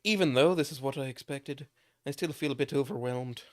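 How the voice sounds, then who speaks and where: A man reading a game's story aloud at an ordinary, middle pitch. His delivery is casual and unpolished, tripping over words now and then and breaking into laughter. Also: brisk. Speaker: streamer reading a visual novel aloud. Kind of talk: casual reading of game narration.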